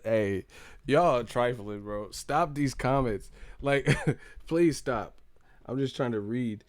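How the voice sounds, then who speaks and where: A young man from the United States, hosting a casual live stream and joking loudly with lots of profanity. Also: medium pitch, slow, no echo, studio quality. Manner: loud, profane, joking, laughs a lot.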